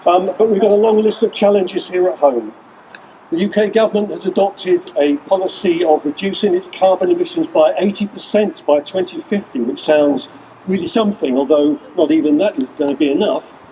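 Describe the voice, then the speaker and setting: Speaking at normal speed in a high, warm voice, a man gives an earnest street-protest speech full of repeated lists. The recording catches him from afar with faint outdoor ambience and a little hiss or hum.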